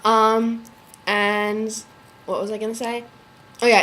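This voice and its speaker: A woman's voice: mid-range voice, steady tone, moderate pace, a bit bright, slight background noise. A teenage girl who is sick and tired, chatting casually to her webcam from a dorm room and filling every phrase with "like". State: sick and worn out. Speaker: vlogger. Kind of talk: casual chat to camera. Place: dorm room at a summer camp.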